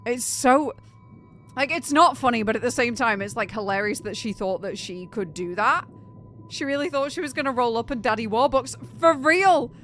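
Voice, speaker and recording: A young British woman chatting casually on a game live stream, animated and incredulous, laughing often. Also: on the high side, moderate pace, faint music behind.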